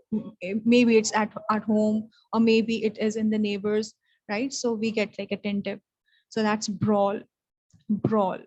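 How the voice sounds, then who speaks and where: A woman with a Pakistani English accent teaching English vocabulary in an online lesson, explaining each word and repeating it slowly. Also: mid-range voice, darkish tone, lo-fi sound.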